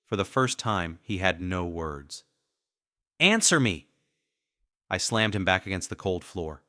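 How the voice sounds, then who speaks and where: A man's voice: low-pitched, normal speed, bright, forceful tone, dry recording, clean studio sound. A man narrating a first-person revenge story in a cold, menacing manner.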